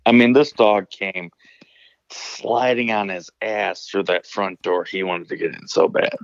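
A man's voice: sits low, steady tone, a little slow, gravelly, dry recording, highs cut off. A man from Illinois, calling in to a show, telling a story casually, rambling and swearing with many restarts. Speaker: caller telling stories.

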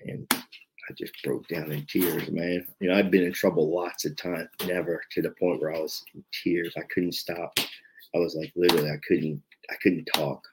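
Deep-voiced man telling a hard story. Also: little pitch movement, background noise. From South Jersey, USA. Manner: halting, repetitive, many "you know" fillers. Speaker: podcast guest in recovery. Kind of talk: confessional personal storytelling.

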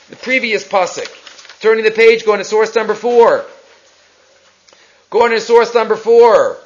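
Man, Torah class teacher, animated storyteller, muffled lo-fi sound. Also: very high-pitched. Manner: animated storytelling, quoting Hebrew texts.

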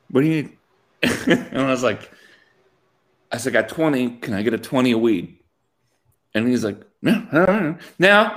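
Man, animated storyteller with a fairly high, swooping voice. Casual anecdote, quotes people, frequent laughs.

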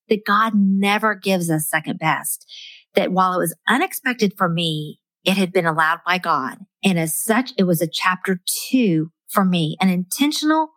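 A woman's voice: mid-range voice, a bit bright, no echo. A middle-aged woman, a guest author, speaking earnestly and reflectively in a faith-based interview.

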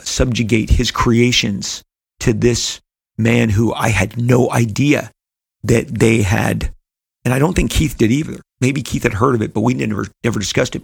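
A man's voice: mid-range voice, creaky, slightly rough, no room sound. A middle-aged man, a comic book creator, telling a personal story in an earnest, rambling way with frequent restarts.

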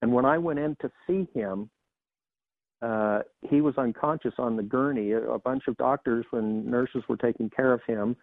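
A man, a former emergency doctor, telling his experiences as a guest in a measured, reflective way with some restarts. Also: medium pitch, dry recording. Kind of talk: interview, personal storytelling. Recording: dry tinny phone-like line.

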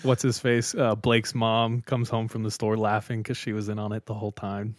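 A man's voice: lowish voice, normal speed. A man co-hosting a podcast, telling a story casually and acting out the quoted lines with bursts of laughter. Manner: animated, acts out quotes, laughs often. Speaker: podcast co-host.

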